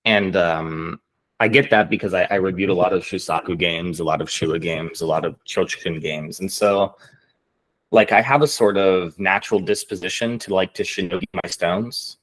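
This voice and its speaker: A man who plays Go as an amateur goes through his game afterward. He explains his thinking in a measured, analytical way. His voice sits very low. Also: steady tone, fairly bright tone. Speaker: amateur Go player. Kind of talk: post-game review.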